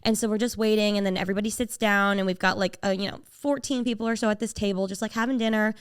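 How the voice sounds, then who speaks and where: A young woman co-hosting a podcast, telling a story in casual chat, animated and full of "like" fillers, acting out what others said. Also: mid-range voice, fast talker, clean tone. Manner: animated, quotes people in shifting voices, many "like" fillers. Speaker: podcast co-host.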